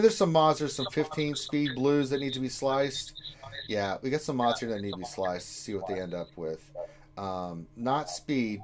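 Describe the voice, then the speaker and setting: A man in his forties, co-hosting a casual gaming live stream and giving advice in a rambling way. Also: fairly low pitch. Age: 40s. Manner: loud bursts of laughter, rambling.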